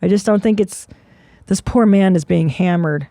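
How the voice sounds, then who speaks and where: A woman's voice: mid-range voice, moderate pace, warm tone, no echo. A woman in her forties hosting a comedy podcast, riffing in a sarcastic, profane way. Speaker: podcast host.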